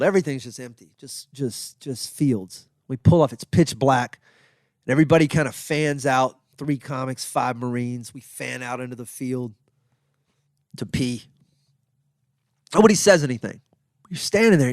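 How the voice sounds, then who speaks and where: A man telling a long travel story as a comedian and podcast host, in a loose, animated way. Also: medium pitch, moderate pace, no room sound, clean studio sound.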